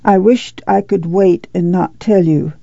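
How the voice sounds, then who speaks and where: A woman reading the part of a worn-out, grieving farm mother in a quiet, low voice, on a dull lo-fi recording. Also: measured pace, vocal fry, husky, no echo, exaggerated voice. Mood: weary, grieving. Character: weary, grieving farm mother, middle-aged.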